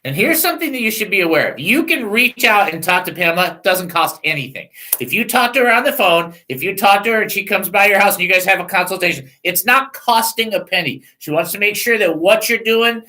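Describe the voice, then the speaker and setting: A middle-aged man hosting a casual talk radio show, joking and rambling in a self-mocking way and reading out phone numbers slowly. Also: high-pitched, animated, bright, forceful tone, poor audio.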